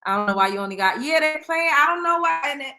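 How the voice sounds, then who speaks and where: A woman's voice: high-pitched, lively intonation, quick pace, pushed and bright. A woman hosting a livestream, chatting in slang with her viewers. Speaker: show host. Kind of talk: casual livestream chat.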